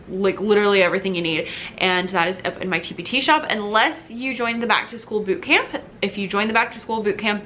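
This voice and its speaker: Bright-voiced chatty woman music teacher. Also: mid-range voice, slight background noise. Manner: chatty and upbeat, with many fillers and short sung snippets. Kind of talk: casual talk-to-camera teaching tips.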